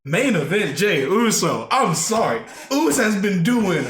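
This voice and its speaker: A podcast co-host with a high, sing-song voice talks about wrestling in an unhurried, slightly bright way. He rambles casually, full of fillers and restarts. The room is echoey, with faint background noise.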